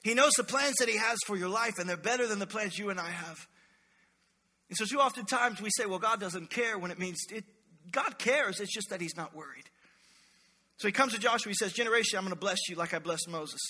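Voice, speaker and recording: A man preaching a sermon as a pastor, telling stories with animated energy and acting out the voices he quotes. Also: high-pitched, a little fast, husky, in a large hall.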